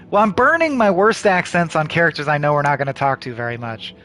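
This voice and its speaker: A man's voice: on the high side, expressive, a little fast, fairly bright tone. A man playing a video game aloud, reading its text in casual, profane asides. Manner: casual, profane asides between read-outs. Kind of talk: game playthrough with narration.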